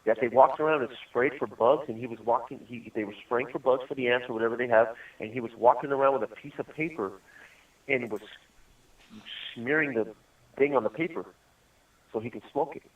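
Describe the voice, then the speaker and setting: An incarcerated man laughs a lot as he spins meandering tales during a relaxed phone call, the line sounding far off and tinny. He speaks fairly quickly in a medium-pitched voice.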